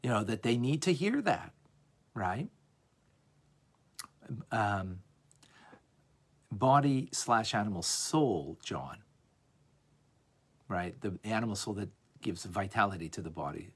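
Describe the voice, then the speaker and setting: A man teaching a lively class on a religious text, asking "right?" often and acting out examples. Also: fairly low pitch, slow, pauses often, slightly rough. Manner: animated, playful, acts out examples, frequent "right?". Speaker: Torah teacher.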